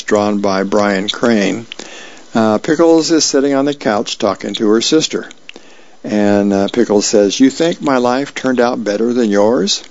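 Gravelly low-voiced male volunteer reader. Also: darkish tone. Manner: plain, unhurried reading with small slips. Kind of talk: reading comics aloud on a reading service. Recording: dull lo-fi radio recording.

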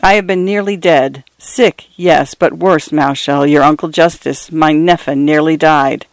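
A man reading a story aloud, voicing a cold, guarded middle-aged woman who speaks in a clipped, quietly cutting way. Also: on the high side, fairly even intonation, measured pace, gravelly, no room sound.

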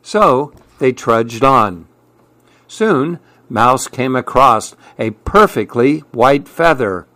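Slow, calm male storyteller. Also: medium pitch, no echo. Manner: calm and measured. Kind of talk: children's story read-aloud.

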